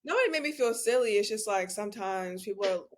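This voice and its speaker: A woman's voice: mid-range voice, expressive, quick pace. A young woman guesting on a casual podcast, telling stories in a chatty way full of fillers.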